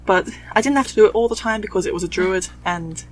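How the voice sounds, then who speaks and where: A woman with a soft Australian accent that leans English, chatting at length as a podcast guest. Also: mid-range voice, fast, low-quality recording. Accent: soft Australian, leaning English. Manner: chatty, explains at length with fillers. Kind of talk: casual podcast chat.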